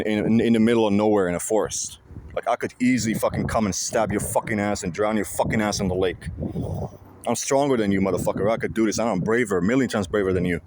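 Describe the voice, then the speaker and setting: A man's voice: on the low side, background noise. A man vlogging outdoors by a lake, speaking to his viewers in an intense, repetitive and profane way. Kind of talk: casual monologue to viewers.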